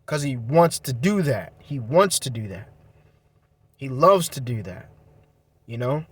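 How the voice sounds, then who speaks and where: A man's voice: mid-range voice, lively intonation, measured pace, husky, no room sound. Casting: easygoing male bible teacher, chatty and informal, close dry sound. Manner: loose, conversational, peppered with "man" and "you know". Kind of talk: casual scripture teaching.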